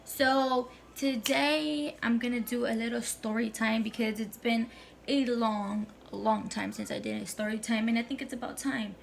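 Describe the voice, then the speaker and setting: A woman's voice: on the high side, fairly even intonation, moderate pace, gravelly, slight background noise. A young woman telling a casual storytime on her vlog, chatty, slangy and swearing freely. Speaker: vlogger.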